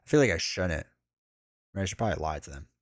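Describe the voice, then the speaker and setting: A man's voice: sits low, lively intonation, quick pace, no room sound, clean studio sound. A man streaming a live card game playthrough, chatting casually, reading the story aloud and joking about himself. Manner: chatty, self-deprecating, laughs often.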